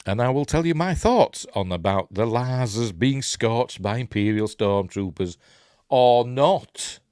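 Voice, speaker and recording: A man's voice: medium pitch, lively intonation, a little slow, darkish tone, smooth, no echo, studio quality. A man with a Yorkshire accent hosting a live news stream, reading sci-fi stories and breaking off for wry, sarcastic asides.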